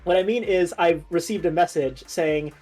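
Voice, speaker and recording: A woman's voice: lowish voice, normal speed, darkish tone, faint music behind. A woman joining a casual group voice chat who talks in a chatty, rambling, apologetic way.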